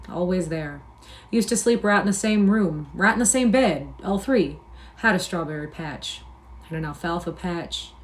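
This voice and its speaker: A woman's voice: on the low side, lightly acted. A woman voicing a lonely, bitter old stable hand. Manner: drawling, persuasive, slow musing. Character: lonely, bitter older male stable hand, scornful and brooding.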